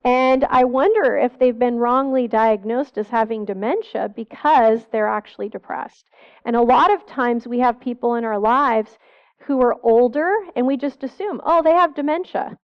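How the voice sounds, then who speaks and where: A woman's voice: a little high, moderate pace, highs cut off. A middle-aged woman therapist giving a church seminar talk, earnest, asking the audience questions as she lists symptoms.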